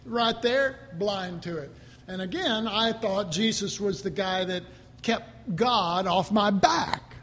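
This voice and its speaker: A man preaches an informal sermon, chatting and joking between readings before rising to animated emphasis. His voice sits high, he takes it slowly, and there's a long reverb tail.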